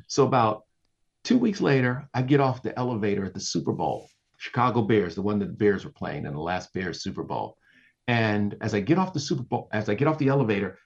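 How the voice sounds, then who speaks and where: An animated man spinning a story in casual talk, his husky voice leaping up and down in pitch. He acts out the lines of the people in it. The audio sounds a little dull. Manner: animated, acts out quotes with big pitch jumps. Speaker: guest, entertainment reporter.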